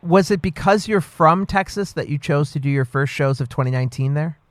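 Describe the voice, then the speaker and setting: A man's voice: on the high side, fairly quick, no echo. Dry-sounding male podcast host. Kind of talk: casual interview.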